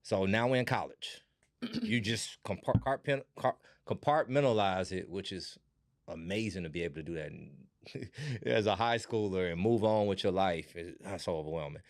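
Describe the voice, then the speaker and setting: A man's voice: sits low, lively intonation, normal speed, no echo, clean studio sound. A man hosting a casual interview, reacting with exclamations and laughs. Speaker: podcast host.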